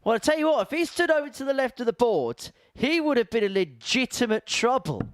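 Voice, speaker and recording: A man commentating live on a darts match, his voice lifting sharply when the action excites him. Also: extremely high pitch, a little fast, no room sound.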